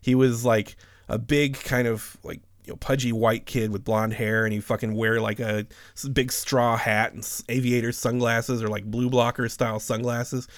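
This podcast host, a man with a medium-pitched voice speaking at a normal speed, tells an amusing story from work in a casual, animated, profane style, laughing often. The recording is clean studio sound with no room sound.

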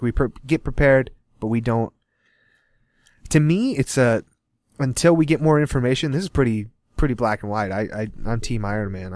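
A man's voice: mid-range voice, dry recording. A young man chatting casually as a podcast host, recapping a comic book with energy and putting on characters' lines as he goes. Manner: animated, acts out characters' lines while recapping. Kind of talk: casual chat about comics. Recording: dry.

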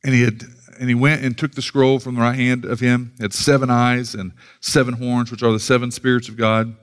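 An earnest man preaching a sermon, his voice sitting at an ordinary middle pitch. He reads scripture aloud and often repeats a word or two as he starts each new thought. He is from the United States. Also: little pitch movement, fairly quick, clear, resonant tone. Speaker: pastor.

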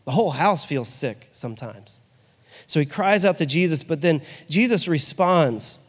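A man preaching in a relaxed, conversational way, often turning to rhetorical questions. His voice sits high for a man. It trails off into the long echo of a big hall. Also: normal speed. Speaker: pastor. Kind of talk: sermon.

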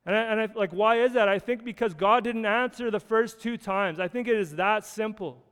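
A man's voice: high voice, moderate pace, a bit bright, clean tone, big-room sound. A man preaching a sermon in an earnest, conversational way, often restarting phrases as he reads and explains scripture. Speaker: pastor.

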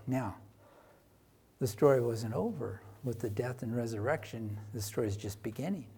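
Man, preacher, conversational sermon, storytelling, swings from loud emphasis to soft quiet lines. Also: mid-range voice. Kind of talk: sermon retelling a Bible story.

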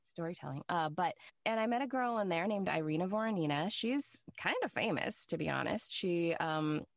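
A woman voice actor chatting as a guest in an interview, telling animated anecdotes and laughing often. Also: on the low side, moderate pace, vocal fry, no echo, clean studio sound. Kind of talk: casual interview chat.

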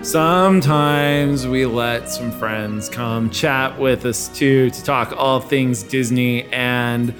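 A man's voice: medium pitch, fairly even intonation, slow pace, few pauses, music in the background. A man hosting a podcast, chatting casually in a playful, enthusiastic way. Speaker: podcast host. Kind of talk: casual chat.

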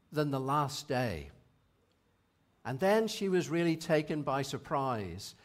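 A man in his sixties gives a calm, thoughtful sermon. His voice sits a little high for a man, and he takes his time over each line of scripture. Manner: measured, reflective, reads scripture aloud. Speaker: preacher. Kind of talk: sermon reading.

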